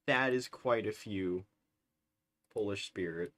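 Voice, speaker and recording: Male streamer, low voice, unhurried bemused play-by-play. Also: a bit bright. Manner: bemused, laughs often. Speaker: livestreamer playing a strategy game. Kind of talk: casual live commentary.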